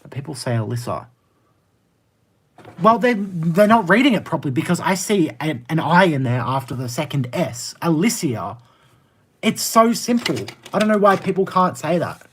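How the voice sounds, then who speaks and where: A man's voice: sing-song, normal speed, fairly bright tone, slightly rough. A young Australian man in his twenties, chatting casually on a livestream and answering viewer comments in a blunt, exasperated way. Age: 20s. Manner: blunt and exasperated, jumps to high indignant pitch when ranting.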